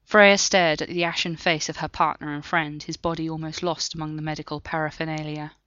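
A woman narrating a story in a steady, measured reading. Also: sits low, no room sound, muffled recording. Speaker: audiobook narrator. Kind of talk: scripted narration.

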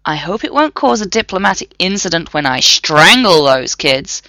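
A sardonic male officer with a dry, sarcastic delivery, as a woman reading a story voices him. The voice stays low with a gravelly grain, recorded dry and close. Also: sing-song, normal speed, pushed and bright, no echo, exaggerated voice. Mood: wry.

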